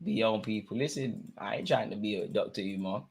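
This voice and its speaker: A young man, commentating live on a football match for his viewers and shouting at the screen. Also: on the low side, fairly quick, creaky, breathy edge. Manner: excitable, swings from muttering to shouting at the screen. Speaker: football watchalong host. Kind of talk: live watchalong commentary, casual.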